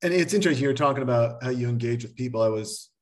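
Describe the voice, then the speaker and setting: Man, from Texas, podcast guest, animated storyteller, casual swearing. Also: mid-range voice, very fast, far from the mic.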